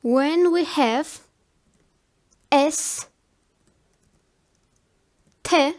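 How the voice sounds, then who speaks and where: Slow, high-voiced woman teaching pronunciation. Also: darkish tone. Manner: slow and deliberate, spells out letters and repeats example words. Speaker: language teacher. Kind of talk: slow spelled-out pronunciation lesson.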